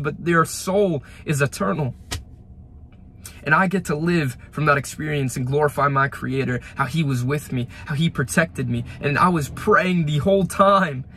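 With a faint hiss or hum in the recording, a late-teen Christian man speaks in a fairly bright voice on the high side. Standing by a roadside ditch, he delivers a fervent, emotional testimony marked by restarts and repeated phrases.

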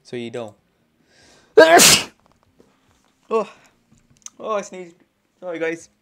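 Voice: medium pitch, huge pitch swings, drawn-out words, gravelly, sharp tone. A young adult gamer casually reading a visual novel aloud, chatting between lines, laughing often and swearing under their breath. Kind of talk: casual let's-play with read-aloud game text.

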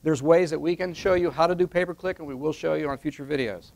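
A man's voice: fairly high pitch, quick pace, gravelly, a little mellow. A man explaining online marketing steps at a whiteboard, emphatic and repetitive, often checking in with "okay?". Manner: step-by-step, emphatic, repeats with "okay?". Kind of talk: instructional talk at a whiteboard.

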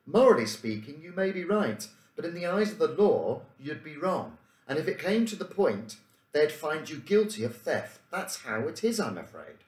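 A man's voice: fairly high pitch, very animated, normal speed, darkish tone, pitched above the performer's own voice. A prim, precise schoolboy leader who corrects everyone, as a man reads him aloud. His voice rises and falls with plenty of life, and it echoes in a roomy space. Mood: earnest. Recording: roomy room echo.

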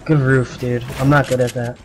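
A man's voice: medium pitch, little pitch movement, moderate pace, noisy background. A man teammate calling out enemy positions and coaching urgently during a match. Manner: urgent, coaching, repeating callouts. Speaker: teammate giving callouts. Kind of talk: casual gaming callouts.

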